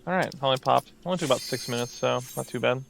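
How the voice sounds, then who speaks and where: A man's voice: medium pitch, quick pace, vocal fry, a little hiss or hum. A man giving casual, rambling commentary while playing an online game, full of fillers and asides. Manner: rambling, chatty, many fillers. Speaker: gaming video host.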